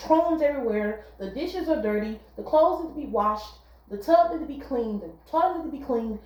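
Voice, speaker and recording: A woman's voice: on the high side, echoey room, rough recording. A woman giving relationship advice in a casual, earnest monologue, repeating her points. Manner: earnest, repetitive, conversational.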